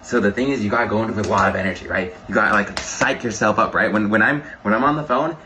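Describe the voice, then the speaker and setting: A man coaching a sales trainee in an energetic way, often checking in with "right?". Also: lowish voice, fast talker, background noise. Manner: energetic, keeps asking "right?". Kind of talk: coaching session.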